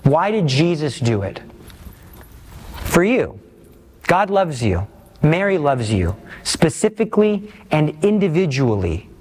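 A man preaching a sermon, earnest and impassioned, slowing down to stress key points and pressing his listeners with pleading questions. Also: fairly high pitch, sing-song, a little mellow, husky. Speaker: Catholic preacher.

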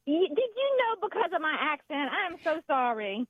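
A woman's voice: high voice, big pitch swings, dry recording. Southern woman calling in on a phone line. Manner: earnest, halting, with many restarts. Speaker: caller. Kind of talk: phone call to a radio show.

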